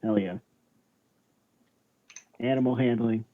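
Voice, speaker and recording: A man's voice: mid-range voice, fairly even intonation, slow, a little hiss or hum. Man, player, hesitant, stammering, tinny phone-like sound. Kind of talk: tabletop game play.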